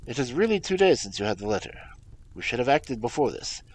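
A man reading aloud, voicing a commanding, impatient male detective with loud, emphatic exclamations. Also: medium pitch, very animated, fairly quick, breathy edge, poor audio. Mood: brisk. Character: commanding urgent male detective, middle-aged.

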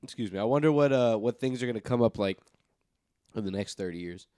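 A male podcast co-host in loose conversation with friends, laughing often and trailing off mid-thought. His pitch swings widely as he talks. The sound is dry and close. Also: expressive, quick pace, warm tone, dry recording. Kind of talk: casual chat.

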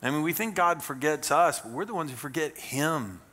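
A man's voice: fairly high pitch, animated, normal speed, pushed and bright. A middle-aged man from Kansas preaching a sermon as pastor, in a conversational, folksy way with wry jokes. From Kansas, USA. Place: church sanctuary.

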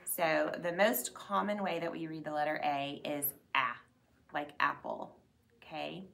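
A woman teacher with a low voice and a gravelly edge, presenting a school announcement segment. She explains sounds step by step in an upbeat way, stretching out each sound so the listener can hear it. A faint hiss sits under the voice. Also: fairly bright tone. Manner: upbeat, drawing out letter sounds to demonstrate them.

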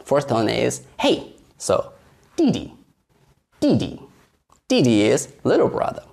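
Casting: unhurried male tutor who explains patiently and demonstrates tones. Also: mid-range voice, vocal fry, a little mellow. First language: Mandarin Chinese. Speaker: Mandarin teacher. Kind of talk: online language lesson.

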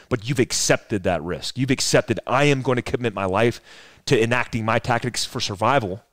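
Profane low-voiced man telling stories. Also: a bit bright, dry recording, clean studio sound. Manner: profane, rambling storyteller. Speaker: podcast guest, former special forces soldier. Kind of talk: casual storytelling conversation.

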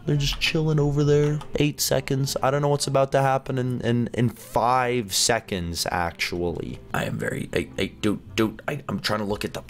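A man hosting a gaming channel, chatting and reacting excitedly as he plays through a game. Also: medium pitch, moderate pace. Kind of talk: let's play commentary.

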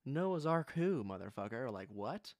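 A man's voice: mid-range voice, big pitch swings, unhurried, dry recording, clean studio sound. A young man with a Southern US accent, streaming a casual music reaction with joking, rambling asides. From United States.

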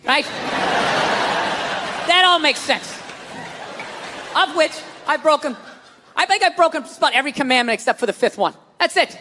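A man doing a stand-up comedy rant with profane, exasperated delivery and bursts of shouting, on a live stage in front of a loud audience. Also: extremely high pitch, moderate pace, pauses often, in a large hall, slight background noise.

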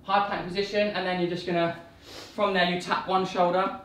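A woman leading a playful home workout from her living room, calling out quick upbeat cues. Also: on the low side, little pitch movement, slight background noise. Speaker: fitness instructor. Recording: echoey room, distant mic.

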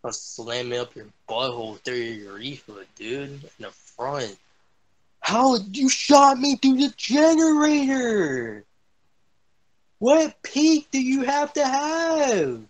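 A young man swearing and yelling his way through a shooter game as a gaming streamer. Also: very high-pitched, lively intonation, slow. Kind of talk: angry gameplay commentary.

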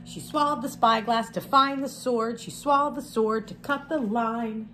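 A woman's voice: on the high side, normal speed, a little hiss or hum. Woman reading a picture book aloud. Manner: expressive read-aloud with chatty asides.

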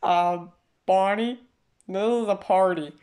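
A woman's voice: medium pitch, takes it slowly, a little mellow, lightly acted. A woman voicing a grumpy, bossy male plush bear who is curt and dismissive, in a plush toy video.

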